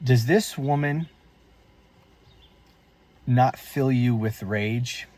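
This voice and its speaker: A man's voice: medium pitch, drawn-out words, pauses often, a little mellow. A male political commentary host delivering angry, sarcastic commentary in an indignant, mocking manner.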